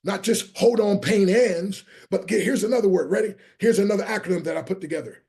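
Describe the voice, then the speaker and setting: A man's voice: sits high, brisk, darkish tone, slightly rough. A middle-aged man giving an emphatic motivational speech to a live online audience, repeating his key lines and calling out to the chat. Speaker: motivational speaker.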